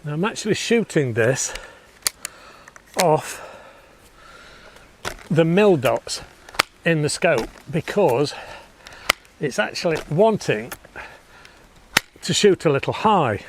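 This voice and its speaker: A man from the United Kingdom hosting a casual airgun review, chatty and quick to laugh at himself, partly recorded outdoors in a paddock. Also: a little high, sing-song, noisy background. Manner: chatty, laughs often, self-mocking. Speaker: host.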